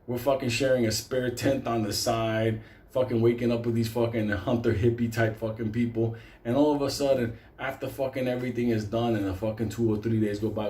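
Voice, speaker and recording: A man telling a comic personal story in a casual, animated way, swearing constantly. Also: medium pitch, echoey room. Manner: heavy swearing, animated retelling.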